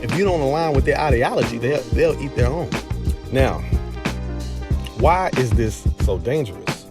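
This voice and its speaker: A man's voice: medium pitch, expressive, normal speed. A man hosting an opinion commentary, preachy and emphatic, with a sing-song cadence and repeated phrases. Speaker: commentary channel host. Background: music bed.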